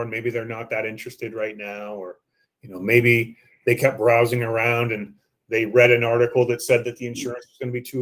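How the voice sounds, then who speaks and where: A man giving a training lesson on phone sales scripts, coaching listeners and acting out the script lines. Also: mid-range voice.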